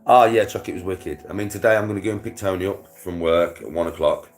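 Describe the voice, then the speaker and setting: Soft music plays while this young British vlogger talks casually to his livestream, laughing frequently amid slang and swearing. He speaks quickly in a low-pitched voice.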